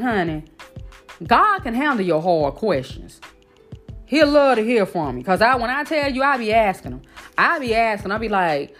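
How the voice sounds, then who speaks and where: Animated woman preaching on a faith podcast. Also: a little high, moderate pace, soft background music. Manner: animated, emphatic, talks straight to listeners. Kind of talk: casual faith talk, preaching.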